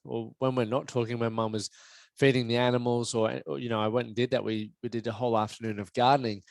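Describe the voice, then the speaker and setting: A man's voice: medium pitch, flat delivery, fast talker, gravelly, no room sound. A young man hosting a solo podcast, talking candidly and reflectively and swearing casually. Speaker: podcast host.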